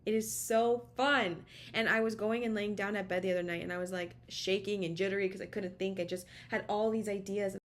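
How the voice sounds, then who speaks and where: A woman's voice: mid-range voice, fairly even intonation, fairly quick, few pauses. Encouraging woman tarot reader, chatty. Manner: encouraging, repetitive, emphatic, chatty. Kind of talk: casual direct-to-camera channeled message. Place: home office. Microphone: camera mic.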